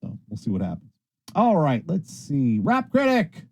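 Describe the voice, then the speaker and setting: A man hosts a late-night stream in a casual, rambling way. His pitch leaps up and down as he talks, and he sounds tired. The close mic makes his voice dry, with no room sound. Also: normal speed, creaky, husky, dry recording. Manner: lively, rambling, swears casually. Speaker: internet radio host.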